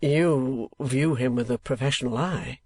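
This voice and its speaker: A man's voice: mid-range voice, a little slow, a little mellow, breathy edge, dry recording. A man doing a hesitant, reserved young man.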